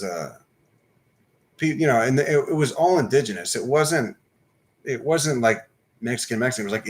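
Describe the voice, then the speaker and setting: Man rambling profanely on a livestream. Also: fairly low pitch. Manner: profane, digressive, laid-back storyteller. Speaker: livestream host. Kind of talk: casual rambling live-stream chat.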